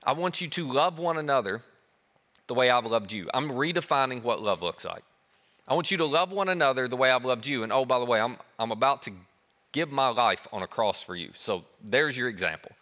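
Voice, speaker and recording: A man preaching a sermon as pastor, animated and emphatic, dropping to a soft hush on key words. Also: mid-range voice, a little fast, in a large hall.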